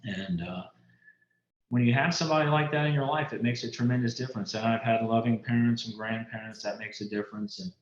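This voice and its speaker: A man, an author telling stories from his life in a relaxed interview. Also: mid-range voice, a little fast. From Louisiana. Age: 50s. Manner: folksy, anecdotal, quotes mentors. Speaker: author guest. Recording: roomy, muffled lo-fi sound.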